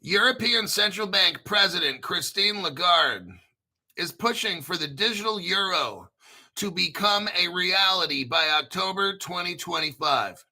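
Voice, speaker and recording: An American man hosting a casual commentary, brash and profane, joking around and often clearing his throat. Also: high voice, animated, measured pace, sharp tone. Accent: General American. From United States. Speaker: crypto video host. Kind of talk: casual commentary reading articles.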